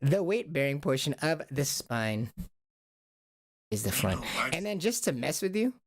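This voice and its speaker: A man's voice: on the high side, big pitch swings, unhurried. A man hosting a stream, coaching body awareness in a playful, repetitive call-and-response style. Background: music.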